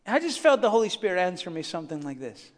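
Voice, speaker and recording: Man, pastor, storytelling sermon, animated asides, slightly high pitch, long hall reverb. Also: fast. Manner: animated, chatty, many asides to the audience.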